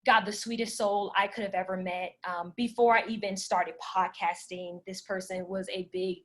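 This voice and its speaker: A woman podcast host answering audience questions in a relaxed, talkative way, speaking with passion and filling pauses with "like" and "um". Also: medium pitch. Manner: passionate, talkative, many "like" and "um" fillers. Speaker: podcast host leading a workshop Q&A. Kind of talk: casual conversational Q&A.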